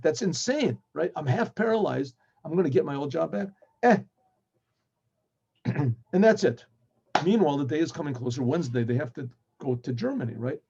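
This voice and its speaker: A man, a rabbi, tells a story in lively style and acts out the dialogue between the characters in it. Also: a little high, fairly quick, vocal fry, slightly rough. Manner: acts out quoted speech in lively back-and-forth. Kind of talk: animated storytelling retelling dialogue. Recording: dull lo-fi recording.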